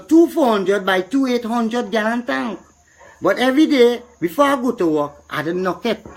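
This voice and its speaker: A middle-aged man with a Trinidadian accent, complaining with indignation and repeating himself, rising to a preacherly tone. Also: high-pitched. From Trinidad and Tobago. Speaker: citizen speaking out. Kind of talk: impassioned street complaint.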